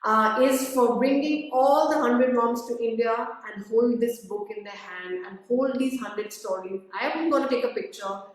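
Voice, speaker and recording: A woman's voice: fairly high pitch, moderate pace, hardly any pauses. A woman hosting a live video interview, effusive and emotional, often repeating herself. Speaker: host. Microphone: video call. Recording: echoey room, far from the mic.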